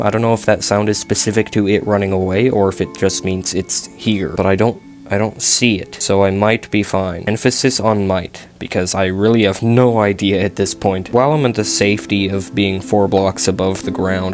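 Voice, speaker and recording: A young man casually commenting while playing a survival game, rambling and joking at his own expense. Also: on the low side. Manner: rambling, self-deprecating, talks to game characters. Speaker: gaming YouTuber.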